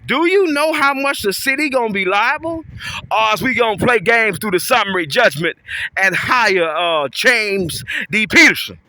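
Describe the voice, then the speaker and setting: A man delivering a rambling, improvised monologue in an animated, preachy way, repeating call-outs and speaking of himself in the third person. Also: sits high, normal speed. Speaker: self-styled local activist vlogger.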